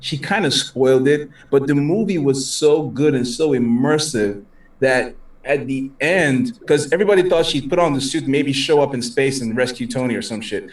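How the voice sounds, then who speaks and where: A man on a podcast in casual chat, an animated storyteller who acts out quotes. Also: medium pitch, moderate pace. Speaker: podcast co-host. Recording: echoey room, distant mic.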